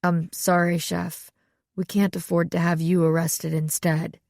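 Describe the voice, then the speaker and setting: Woman doing a restrained polite manager guy, low and quiet. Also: flat delivery, gravelly, no echo, studio quality. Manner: restrained, measured.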